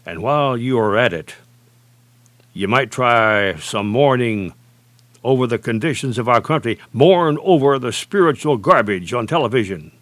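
A male preacher delivering a sermon with deliberate, emphatic phrasing. He slows down heavily for scripture quotations. His mid-pitched voice is recorded close and dry, with no room echo. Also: animated, fairly bright tone.

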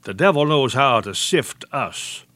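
A man preaching a sermon, speaking deliberately and slowing down to weigh each quoted verse. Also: mid-range voice, lively intonation, pushed and bright, dry recording. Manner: measured, deliberate preaching with slowed emphasis on quotations.

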